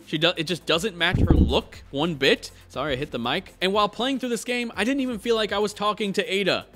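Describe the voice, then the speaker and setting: A man's voice: high-pitched, a little fast, soft background music. A man ranting passionately as a video game commentator. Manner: passionate, animated. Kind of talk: opinionated rant.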